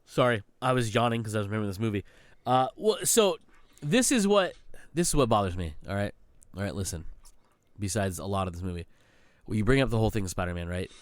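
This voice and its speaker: A man co-hosting a podcast, laying out a movie argument in an animated way and checking for agreement often. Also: lowish voice, fast talker, no room sound. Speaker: podcast co-host. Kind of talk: casual movie review chat.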